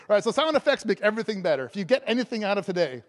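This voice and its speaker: A man's voice: high voice, sing-song, very fast. A man preaching a sermon as an evangelist, joking and laughing often between points, talking loosely with lots of fillers and restarts.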